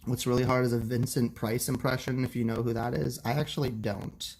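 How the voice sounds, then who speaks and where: Gravelly, coughing young male streamer. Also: mid-range voice, fairly even intonation, fairly quick, darkish tone, a little hiss or hum. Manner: loose, profane, frequent coughing and laughs. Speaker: livestream host. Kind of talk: casual late-night stream chat.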